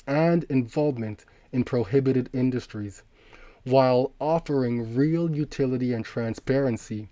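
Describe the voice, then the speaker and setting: A man hosts a crypto talk in a relaxed, mellow voice. He explains things steadily and methodically, working through lists one item at a time. The sound is dry and close. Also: mid-range voice, dry recording. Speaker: crypto channel host.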